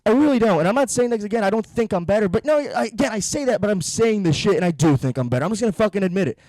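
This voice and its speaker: A man's voice: sits high, expressive, rapid-fire, a little mellow, no echo. A young man hosting a podcast, delivering a blunt, profane, rambling comedic monologue. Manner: rambling with frequent restarts. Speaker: podcast host.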